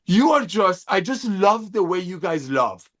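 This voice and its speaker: Effusive high-voiced man on a video call. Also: big pitch swings, a little slow, a bit bright. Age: middle-aged. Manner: effusive, emphatic, preacher-like. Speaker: company executive. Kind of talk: motivational sales pep talk.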